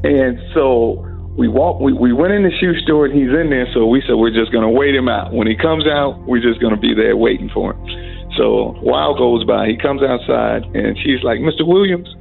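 A middle-aged man, a singer, telling an animated story in an interview and acting out the voices of the people in it. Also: mid-range voice, moderate pace, creaky, faint music behind. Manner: animated storyteller who acts out quoted voices. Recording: phone-like narrow audio.

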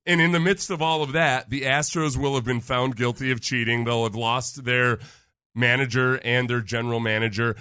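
A man's voice: medium pitch, level tone, moderate pace, pushed and bright, clean tone, dry recording, clean studio sound. A man hosting a casual sports talk show, joking and rambling with frequent laughs. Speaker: sports radio host.

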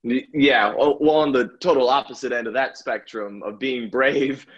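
A man co-hosting a casual sports chat who chuckles often and talks in a halting way, with fillers. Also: medium pitch, breathy edge, highs cut off. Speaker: podcast co-host, pitchside reporter.

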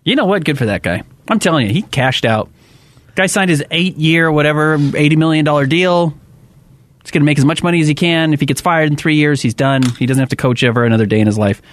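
A man's voice: on the high side, fast talker, no echo. A man co-hosting a sports radio show, bantering casually with emphatic, joking asides.

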